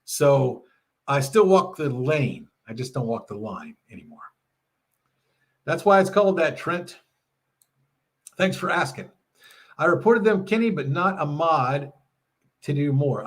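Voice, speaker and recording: With a voice on the high side and lively intonation, a middle-aged man talks a little slowly and leaves long pauses. Hosting a casual livestream from his home RV, he chats with viewers, reads their messages aloud, and laughs often.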